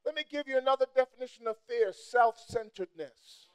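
A man preaching a sermon with passion, breaking into shouts and mimicking people to make his points. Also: extremely high pitch, a little fast, smooth.

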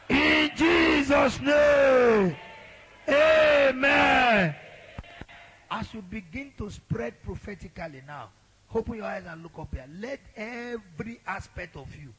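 Pastor guy yelling prayers, raspy high voice, real slow and punchy. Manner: exhorting, shouting out prayers to a congregation. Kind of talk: sermon.

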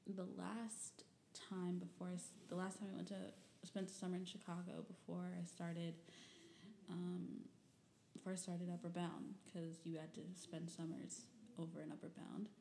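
A woman's voice: on the low side, level tone, a little slow, vocal fry, warm tone, roomy sound, slight background noise. A young woman from Michigan telling personal stories and reading old diary entries in a rambling, candid way, full of fillers and the odd curse. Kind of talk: personal storytelling.

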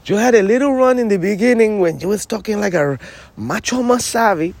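A sassy, bossy cohost, put on by a man, who scolds and teases in a raised, sing-song voice. The pitch swoops up and down with lively, animated energy throughout the banter. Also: a little fast, vocal fry, no echo, heavily acted. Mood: scolding. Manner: teasing, scolding, high and animated. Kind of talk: comedy sketch banter.

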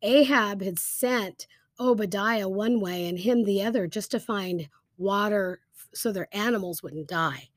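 A woman teaching a Bible story in a casual, lively storytelling way, with frequent fillers like "um" and "like". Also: medium pitch, a little slow, no room sound, clean studio sound.

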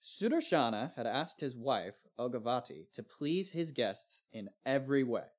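A man's voice: mid-range voice, very animated, moderate pace. Joking young man reading a myth aloud. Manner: joking reactions, laughs often. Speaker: podcast co-host. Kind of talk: casual storytelling chat.

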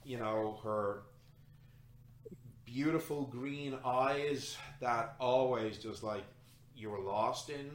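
A man's voice: mid-range voice, slow, roomy sound. A man narrating a tabletop role-playing game as game master, loose and rambling, with many fillers and restarts.

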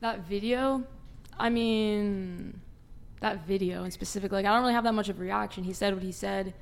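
Flat nonchalant woman, gravelly voice. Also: medium pitch, moderate pace. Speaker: panel guest. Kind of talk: casual panel discussion.

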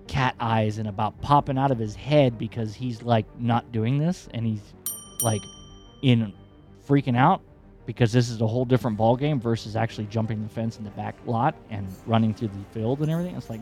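A man hosting a podcast, telling a personal story in a rambling, animated, profane way. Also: medium pitch, normal speed, faint music behind. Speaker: podcast host.

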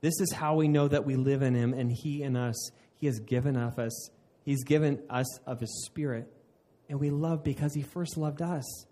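A man's voice: medium pitch, steady tone, moderate pace, few pauses, warm tone. A man preaching a sermon in an earnest way, often restarting mid-phrase and laughing at himself. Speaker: pastor.

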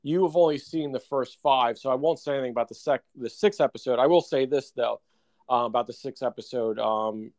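A man's voice: medium pitch, a little fast, a little mellow, dry recording. A man co-hosting a casual podcast, talking in a rambling way with lots of fillers and restarts. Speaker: podcast co-host. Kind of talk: casual chat.

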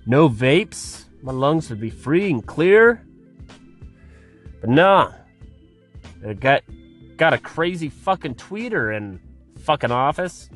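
A man's voice: a little high, very animated, slow, long pauses, soft background music. A man hosting a podcast, delivering a profane comedic rant in an exasperated, swearing manner. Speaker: podcast host.

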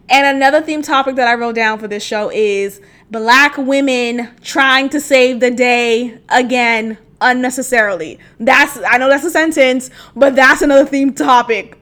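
A woman hosting a podcast in casual chat, animated and profane, laughing often and swinging from loud outbursts to quiet asides. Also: high-pitched, a little slow. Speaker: podcast host.

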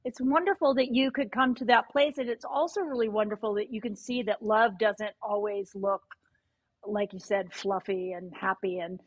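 A woman's voice: medium pitch, normal speed, slightly rough, rough recording. A woman hosting a podcast, responding supportively and affirming her guest. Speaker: podcast host. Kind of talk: casual podcast conversation.

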